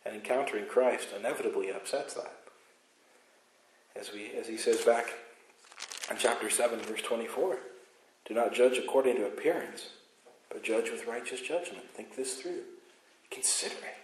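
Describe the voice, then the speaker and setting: A man preaching a sermon as pastor, emphatic, moving between loud insistence and quiet asides. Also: medium pitch, normal speed, echoey room, a little hiss or hum, rough recording. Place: church sanctuary.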